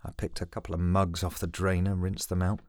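A man's voice: low voice, little pitch movement, fast talker, no room sound, studio quality. A man reading a story aloud in a wry, exasperated tone.

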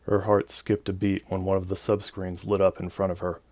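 A man narrating a science-fiction novel in a steady, even storytelling delivery. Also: deep voice, normal speed, no room sound. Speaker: audiobook narrator. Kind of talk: scripted narration.

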